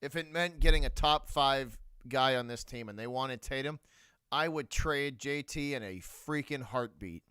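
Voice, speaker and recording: A man's voice: mid-range voice, unhurried, smooth, no echo. A man with a Boston accent hosting a live sports reaction stream, talking bluntly and repeating his points. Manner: blunt, repeats himself, shouts out viewers. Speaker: livestream host.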